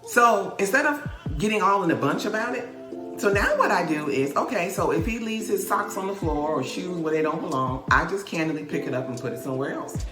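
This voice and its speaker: A woman's voice: fairly low pitch, fairly quick, reverberant, music in the background. A middle-aged woman, an author and host, giving frank marriage advice to her daughters in a candid conversation, laughing often. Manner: animated, laughs often, frank, acts out little dialogues.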